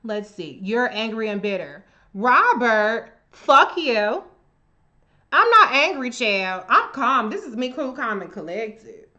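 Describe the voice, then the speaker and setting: A woman with a high, bright voice hosts a live stream, talking back to her commenters in a blunt, confrontational, profanity-laced way. She hits her points hard and keeps the commentary heated. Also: sing-song, slow pace, lo-fi sound. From United States. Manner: addresses commenters directly. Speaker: livestream host.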